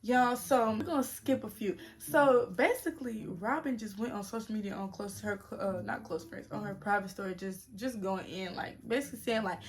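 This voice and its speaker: A young woman in her twenties tells a story straight to her camera in a relaxed vlog. She talks in an animated, slangy way, addressing her viewers directly, with a voice of ordinary pitch. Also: moderate pace. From United States. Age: 20s. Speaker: vlogger.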